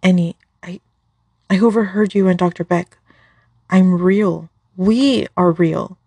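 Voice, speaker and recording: A woman's voice: lowish voice, takes it slowly, mellow, slightly rough, no echo, studio quality, exaggerated voice. A woman voicing a young man who begs his love not to leave, in a story read aloud. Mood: pleading. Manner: pleading, voice breaking.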